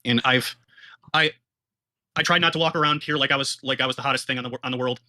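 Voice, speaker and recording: A man's voice: medium pitch, fairly even intonation, fast, pushed and bright, dry recording. A man speaking on a livestream, heated and apologetic, earnestly explaining himself. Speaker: show guest. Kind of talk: emotional livestream statement.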